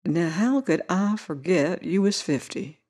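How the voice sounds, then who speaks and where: A reader voicing a young Southern cowboy who teases an old man with gentle, straight-faced mock concern. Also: mid-range voice, measured pace. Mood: deadpan. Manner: gentle, solicitous, deadpan teasing. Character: young Southern cowboy, twenty-four, teasing with mock gravity. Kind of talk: audiobook character voice.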